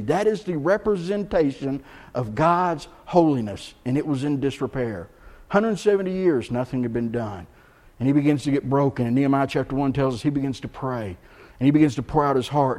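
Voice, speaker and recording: A man preaching a sermon, telling a story and swinging between loud stretches and hushed ones. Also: fairly high pitch. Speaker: pastor.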